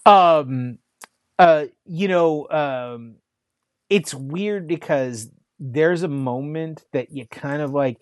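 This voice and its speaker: A man's voice: a little high, takes it slowly, dry recording, clean studio sound. A man chatting casually about movies, rambling with many fillers and restarts. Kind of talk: casual chat.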